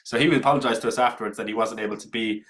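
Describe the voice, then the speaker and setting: Man from Ireland, tasting host, friendly rambling chat, lowish voice. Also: steady tone, very fast, a bit bright. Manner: friendly, rambling, frequent ums. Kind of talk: casual online tasting chat.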